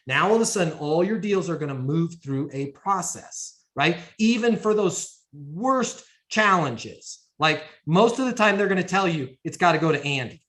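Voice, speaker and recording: High-voiced, emphatic man coaching salespeople. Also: lively intonation, normal speed, hardly any pauses, fairly bright tone. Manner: emphatic and coaching, acts out short sales dialogues. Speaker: sales trainer. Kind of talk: sales training talk to a live audience.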